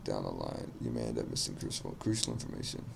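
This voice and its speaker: A man's voice: rumbling low, wildly swooping pitch, fast talker, gravelly, a little hiss or hum. A man reading a video game's dialogue and narration aloud, adding crude asides along the way. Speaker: gaming video host.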